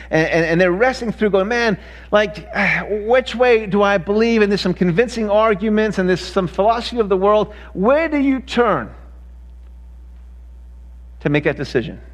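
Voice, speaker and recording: High-voiced male pastor preaching. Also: in a large hall. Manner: emphatic preaching, repeats words when speeding up. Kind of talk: sermon.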